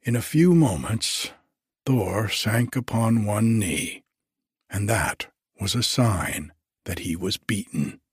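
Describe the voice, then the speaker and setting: A male storyteller with a low, husky voice reads in a slow, measured way. The sound is dry and close, with no room around it. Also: no room sound. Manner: slow, measured, even reading. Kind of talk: storybook narration.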